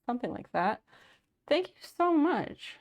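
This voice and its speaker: A woman's voice: sits high, sing-song, unhurried. A woman streamer in casual live chat, thanking viewers by name, telling stories and swearing casually.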